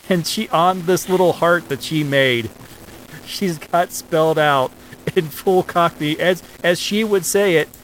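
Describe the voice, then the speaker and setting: A man co-hosting a podcast, chatting casually about an old film in a relaxed, hesitant way with many fillers. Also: fairly high pitch, takes it slowly, a little hiss or hum, rough recording. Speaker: podcast co-host.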